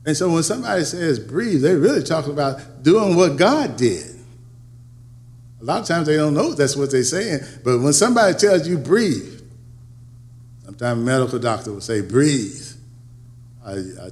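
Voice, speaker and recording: A man preaching a sermon, building to emphatic peaks and then dropping low and quiet, often repeating words and restarting phrases. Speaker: pastor.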